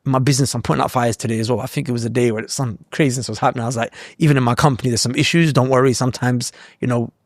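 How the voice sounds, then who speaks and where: Fast-talking young man. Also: mid-range voice, dry recording, clean studio sound. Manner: animated, slangy, repeats himself. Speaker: podcast host. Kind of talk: casual storytelling chat.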